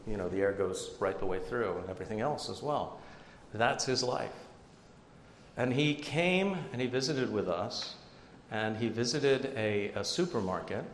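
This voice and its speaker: A pastor preaches a sermon conversationally, dropping in self-deprecating asides. His mid-range voice is recorded in an echoey hall with long reverb, faint ambience and slight background noise.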